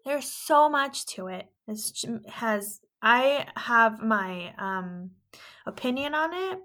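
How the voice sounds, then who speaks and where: Californian woman in her 30s, podcast chat, bright slightly high voice, acts out what people said. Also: lively intonation, slow. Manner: chatty storyteller, acts out quotes in a higher voice. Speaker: podcast co-host. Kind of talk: casual chat.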